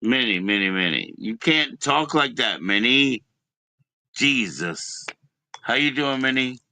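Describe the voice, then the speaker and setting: A man's voice: medium pitch, expressive, slow pace, pushed and bright. A man live-streaming in casual chat, teasing and chatty as he invites viewers to join him.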